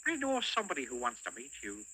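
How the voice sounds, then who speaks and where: A man voicing a cheeky, mischievous male goblin in a husky, sing-song, teasing storybook voice. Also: mid-range voice, huge pitch swings, fast, pushed and bright, dry recording, heavily acted, rough recording.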